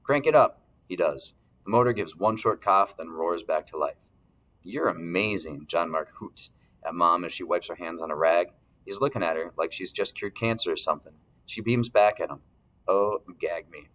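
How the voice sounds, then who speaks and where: A man reading a first-person novel aloud as narrator, steady, clearing his throat now and then. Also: deep voice, moderate pace, low-quality recording. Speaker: audiobook narrator.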